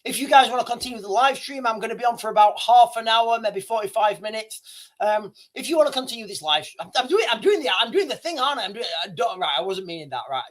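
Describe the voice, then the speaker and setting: A man's voice: sits high, lively intonation, fast talker, a bit bright. A man hosting a casual live stream, rambling and correcting himself as he talks to viewers, coughing now and then. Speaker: livestream host.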